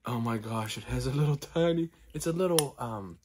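A middle-aged man talking casually through an unboxing, excitable and often dropping to delighted whispers and gasps. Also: mid-range voice, moderate pace, noisy background. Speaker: collector vlogger.

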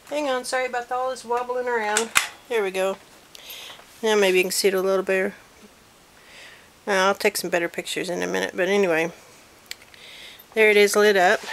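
A woman's voice: medium pitch, gravelly, a bit bright, slight background noise. A woman chatting casually as she films a handmade miniature at home on a handheld digital camera, with frequent apologetic asides. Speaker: crafter showing a handmade miniature. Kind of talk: casual show-and-tell vlog. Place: cluttered room at home.

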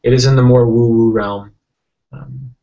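Man, interview guest, animated storyteller, mid-pitched voice, muffled lo-fi video call sound. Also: a little slow, creaky. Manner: animated, rambling, many restarts and acted-out quotes. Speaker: interview guest, software entrepreneur.

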